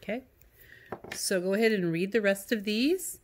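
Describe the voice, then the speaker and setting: A woman's voice: medium pitch, normal speed, slight background noise. A woman teacher giving a recorded lesson to young students, patient, reading example sentences in a sing-song way.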